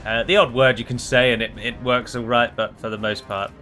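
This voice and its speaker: A man's voice: mid-range voice, steady tone, a little fast, sharp tone, faint music behind. A man giving casual live gameplay commentary, chatty and wry, talking to his units as he plays. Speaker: gaming video creator.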